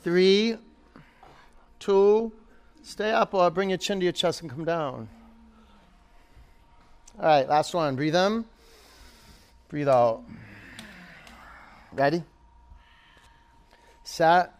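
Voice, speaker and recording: A man's voice: on the high side, drawn-out words, pauses often, clean tone. A man teaching a live yoga class, calling out poses, counting down holds and coaching students by name.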